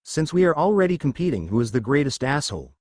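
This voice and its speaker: A man's voice: on the high side, very animated, quick pace, darkish tone. A man reading a brash, foul-mouthed young hero. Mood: bitter. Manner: bitter, self-mocking outburst.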